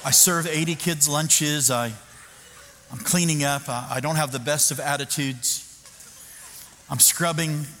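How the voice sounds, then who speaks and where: A man, a pastor, telling a self-mocking story in a sermon, animated and full of restarts. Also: a little high, a little slow, pauses often. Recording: echoey hall with background noise.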